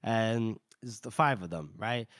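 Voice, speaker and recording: A man's voice: lowish voice, a bit bright, no echo, clean studio sound. A man co-hosting a podcast, casually recapping a novel's chapters and slipping into brief character voices with frequent laughs. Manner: retells scenes with quick put-on character lines and laughs. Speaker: podcast co-host. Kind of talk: casual chat recapping a book.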